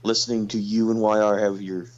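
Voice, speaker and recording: A man's voice: lowish voice, flat delivery, brisk. A man calling in to a talk show, joking and swearing casually. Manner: joking, profane. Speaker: caller. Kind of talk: casual call-in chat. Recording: muffled call line.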